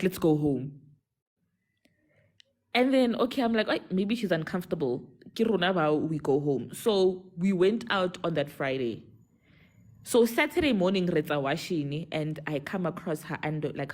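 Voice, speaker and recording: Animated South African woman, warm low voice. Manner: animated, switching between English and a local language mid-sentence. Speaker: caller telling a story. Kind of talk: casual storytelling on a live stream.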